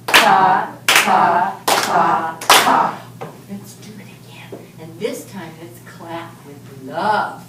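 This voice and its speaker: A woman teaching a class of young children, speaking slowly and patiently as she leads clapping and rhythm chants. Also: on the high side. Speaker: music teacher. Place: elementary school classroom. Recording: echoey classroom from far off, noisy.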